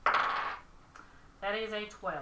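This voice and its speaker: A woman's voice: medium pitch, steady tone, very slow, heavy background noise. A woman playing a tabletop game, bantering playfully and swearing casually. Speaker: player. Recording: roomy, distant mic.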